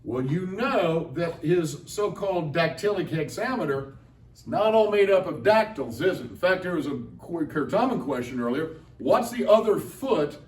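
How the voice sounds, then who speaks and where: A man's voice: on the high side, animated, moderate pace, a little mellow. Playful middle-aged man lecturing students. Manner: chatty and playful, asks the audience questions. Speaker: Latin teacher and translator giving a talk. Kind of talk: lively classroom-style lecture to students. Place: large lecture room at a convention. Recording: echoey room, voice from far off.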